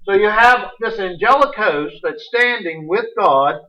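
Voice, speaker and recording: A man preaching a sermon, animated and folksy, reading scripture aloud with sudden bursts of emphasis. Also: high voice, a little slow. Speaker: pastor. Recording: distant, muffled livestream audio.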